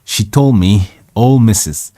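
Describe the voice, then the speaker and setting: A man voicing a reluctant young boy carrying water, reading the dialect haltingly. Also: fairly low pitch, mellow. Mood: pleading.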